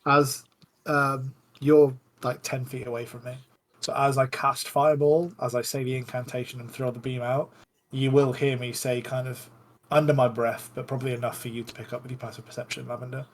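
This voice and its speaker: A man's voice: mid-range voice, level tone, fairly quick. A man playing a tabletop game, talking eagerly and casually at the table. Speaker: player.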